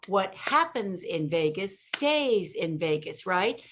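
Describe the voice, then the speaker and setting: Energetic, emphatic woman telling stories. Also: lowish voice, slow. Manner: energetic, emphatic storyteller who laughs at her own jokes. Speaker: interview guest, communication expert. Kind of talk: conversational interview.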